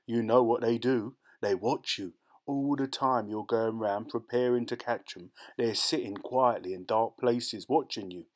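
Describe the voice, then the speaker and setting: In a storybook reading, a man voices a sly, scornful ratcatcher who boasts, keeps secrets, and speaks with rough grammar. His voice is mid-range and natural, with a measured pace.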